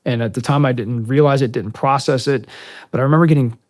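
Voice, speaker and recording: A man in his fifties from the United States, a veteran guest on a long-form interview, telling a story in a casual, animated and profane way and loudly acting out the dialogue. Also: mid-range voice, fast. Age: 50s. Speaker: podcast guest, military veteran.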